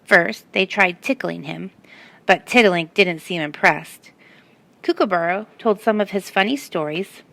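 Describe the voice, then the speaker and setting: A woman's voice: on the low side, measured pace, creaky, a bit bright. A woman reading a picture book aloud to children and stopping to ask them questions. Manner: asks the listeners questions. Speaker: storyteller.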